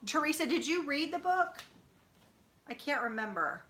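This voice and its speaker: Woman, 30s, bright voice, chatty vlogger, rambling with fillers, sitting on her bed at home. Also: high voice, expressive, normal speed, slight background noise. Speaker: YouTuber. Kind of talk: casual chat with viewers.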